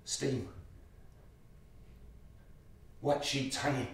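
A man's voice: medium pitch, level tone, a little slow, a little hiss or hum, natural voice. An actor playing a violent, menacing father who recalls a brutal childhood, in a brooding stage monologue. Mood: haunted. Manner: brooding and menacing, flaring into manic shouting. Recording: echoey hall, voice from far off.

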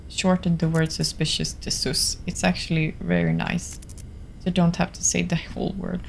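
A young Finnish woman streaming a horror game, talking in an unhurried, gravelly voice on a desktop mic at home. She chats with viewers in accented English and turns jumpy, slipping into whispers, with a faint hiss of noise underneath. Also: lowish voice. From Finland. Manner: chatty, jumpy, drops to whispers. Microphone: desktop studio mic.

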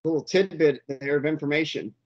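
A man's voice: fairly high pitch, a little fast, a little mellow, lo-fi sound. A man co-hosting a jokey, riffing movie commentary track. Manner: jokey, playful. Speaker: co-host.

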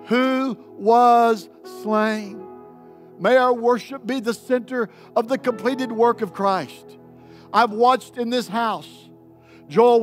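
A man preaching a sermon as pastor, leading the congregation in call-and-response and building to loud, emphatic declarations. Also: very high voice. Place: church sanctuary.

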